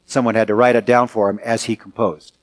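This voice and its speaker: A man preaching a Sunday sermon as a pastor, earnest and emphatic, slowing and speeding up for effect. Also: fairly low pitch, little pitch movement. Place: church sanctuary.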